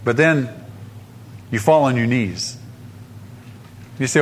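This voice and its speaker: A man preaching a sermon, asking the listeners questions and swinging between loud emphasis and soft drops. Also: medium pitch, slow pace, a little hiss or hum.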